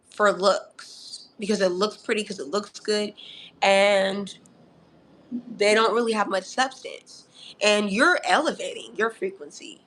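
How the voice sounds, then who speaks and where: Sassy woman giving a tarot reading. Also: mid-range voice. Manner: sassy, animated, calls the audience honey and darling; laughs often between remarks. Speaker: tarot reader. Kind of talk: live astrology tarot reading.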